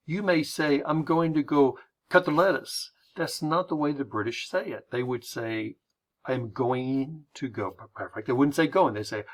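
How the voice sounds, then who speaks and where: A man from the United States presenting a slide lecture in a conversational way, often restarting and adding asides. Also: medium pitch.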